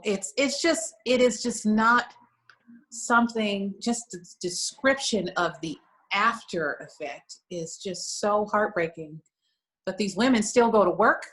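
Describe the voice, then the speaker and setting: Her voice is medium-pitched and a bit bright, captured on a low-quality recording. She is an American lingerie shop owner guesting on a talk show, earnestly recounting an emotional story and often saying "you know."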